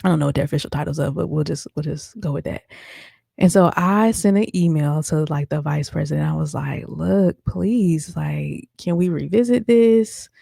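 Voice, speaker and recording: A woman's voice: low-pitched, fairly quick, gravelly, mellow, slightly rough, no room sound, clean studio sound. A woman podcast host telling a personal story in a chatty, casual way, talking straight to her listeners with lots of fillers. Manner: chatty, addresses listeners as y'all, many fillers.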